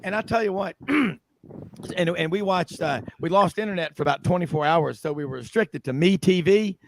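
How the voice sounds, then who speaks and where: A man hosting a sports roundtable, chatty and quick to laugh and do impressions. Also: sits high, gravelly, slight background noise. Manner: chatty storyteller doing impressions, laughs often. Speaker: sports radio host. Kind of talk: casual roundtable chat.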